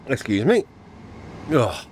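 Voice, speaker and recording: Guy, excitable train-game commentary, bouncy pitch, tired with a cough. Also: vocal fry, slight background noise. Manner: excitable, chatty, giddy. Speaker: gaming video creator. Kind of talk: casual gameplay commentary. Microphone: wearing a VR headset.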